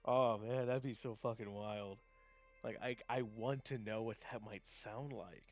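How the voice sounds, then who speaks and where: A man chatting casually on a live gaming stream, rambling with lots of fillers and restarts, laughing often and getting excited. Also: lowish voice, a little slow, soft background music. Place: home setup, gaming stream.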